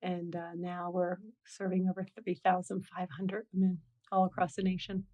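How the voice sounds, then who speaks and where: A middle-aged woman speaks earnestly in an interview about the nonprofit she founded. Her voice sits a little low. She tells her story in an animated, personal way, often filling with "you know". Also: moderate pace, highs cut off. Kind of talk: conversational interview.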